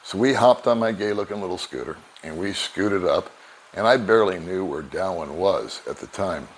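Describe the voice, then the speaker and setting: An older man vlogging, telling relaxed, rambling anecdotes to the camera and chuckling now and then. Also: deep voice, normal speed, a little hiss or hum. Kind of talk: casual storytelling to camera.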